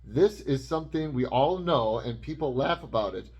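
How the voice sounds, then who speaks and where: A man co-hosting a podcast, reading a post aloud in a deadpan way during casual chat. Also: mid-range voice, moderate pace, breathy edge. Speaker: podcast co-host.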